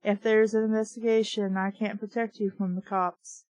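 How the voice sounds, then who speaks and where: A woman reading the lines of a gruff, bossy middle-aged man in a book, in a brusque, matter-of-fact way, with a dry sound. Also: high-pitched, little pitch movement, normal speed, a little mellow, no echo, close to an everyday voice.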